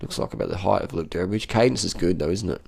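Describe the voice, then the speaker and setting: A man's voice: deep voice, fast talker, vocal fry, a little mellow, breathy edge. A man giving casual running commentary on race footage as a cycling vlogger, blunt and profane, repeating short phrases.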